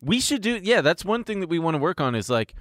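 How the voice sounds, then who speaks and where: A man co-hosting a casual comedy podcast, his pitch swinging up and down as he jokes and riffs. He laughs often and swears freely. The sound is dry and close, with no room around it. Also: big pitch swings, fast, fairly bright tone, dry recording. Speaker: podcast co-host.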